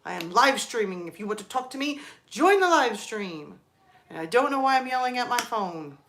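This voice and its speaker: A young woman chatting on her live stream, telling stories with quick laughs. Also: a little high, expressive, a bit bright, a little hiss or hum. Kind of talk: casual live stream chat.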